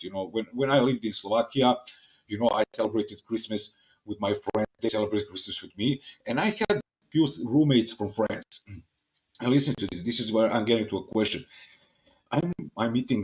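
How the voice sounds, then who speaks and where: A podcast host from Serbia, a man speaking English, talking in an excitable, casual way, often repeating words and restarting. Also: lowish voice. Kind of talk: casual interview chat.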